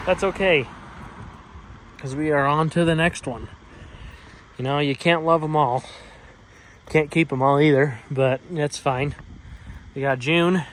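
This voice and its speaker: A man's voice: on the high side, a bit bright, slight background noise, rough recording. A man casually talking through work on his old trucks outdoors, rambling with lots of "so, yeah" fillers and the odd curse. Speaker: mechanic vlogger. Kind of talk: casual shop vlog. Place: outdoors at a home car shop.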